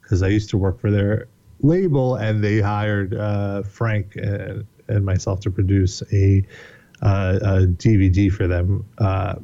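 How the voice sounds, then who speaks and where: A man telling a rambling, animated story in casual chat, swearing often and laughing a lot. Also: lowish voice, a little slow, creaky, lo-fi sound. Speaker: podcast guest.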